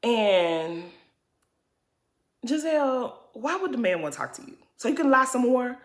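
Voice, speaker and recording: A woman's voice: sing-song, a little slow, echoey room. A woman giving a casual reality TV recap, sassy, blunt and profane. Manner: sassy, blunt and profane, mimics others in high exaggerated voices.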